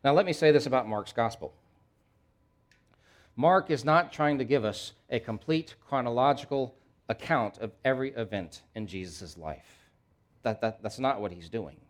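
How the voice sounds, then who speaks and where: Male pastor, mid-pitched voice, sermon delivery with soft asides and loud emphatic questions. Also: animated. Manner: preaching with wide swings between soft low asides and loud emphatic questions; reads scripture aloud at a brisk pace.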